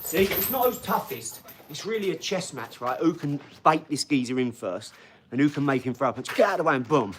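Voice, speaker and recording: A man's voice: a little high, expressive, fairly quick, slight background noise. A middle-aged man hosting a casual live stream, boastful and chatty as he talks straight to his viewers. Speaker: live stream host and boxer.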